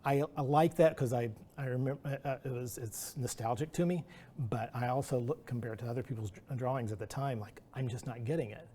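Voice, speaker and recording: A man's voice: mid-range voice, fairly quick, mellow, a little hiss or hum. A middle-aged man, a guest artist, telling rambling anecdotes at an artist talk, acting out quotes. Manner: rambling anecdotal delivery with restarts and acted-out quotes.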